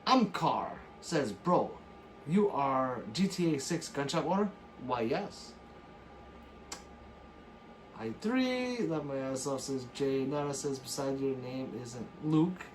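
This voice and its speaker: Animated man reading stream chat. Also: medium pitch, takes it slowly, slight background noise. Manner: reads chat messages aloud and jokes back; animated, bursts into laughs and shouts. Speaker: livestream host reading chat. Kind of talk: casual late-night stream chat.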